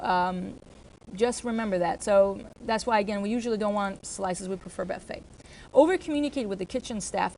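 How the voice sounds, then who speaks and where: Restaurant procedures are walked through by a female trainer with a mid-range voice, with a little hiss or hum in the recording. She talks to the staff explanatorily, using fillers and pausing to correct herself.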